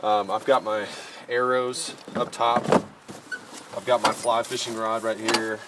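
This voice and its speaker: Laid-back man, slightly low voice, a bit out of breath, folksy camping vlog, outdoors with noise behind. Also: level tone, measured pace. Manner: easygoing, folksy, says y'all. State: a little out of breath. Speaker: outdoor vlogger. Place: outdoors at a mountain campsite.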